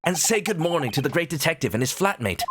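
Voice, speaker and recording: A man's voice: a little high, very animated, fast, music in the background, voice pushed up. A man voicing an earnest young male law student who speaks English with a light Japanese accent. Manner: earnest, formal.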